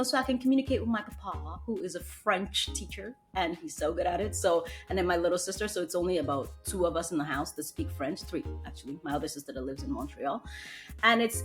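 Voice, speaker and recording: A young woman hosting a solo podcast, giving a blunt, emphatic pep talk in a casual chatty way. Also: fairly low pitch. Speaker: podcast host.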